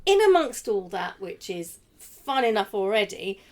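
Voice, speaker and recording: A woman's voice: medium pitch, very animated, measured pace. A woman hosting a podcast interview, asking the cast questions and encouraging them with laughter. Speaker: podcast host.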